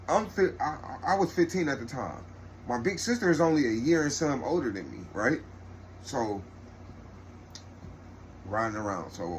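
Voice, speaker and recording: A young adult man telling a casual storytime with street slang, rambling and animated, restarting often. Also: mid-range voice, slight background noise.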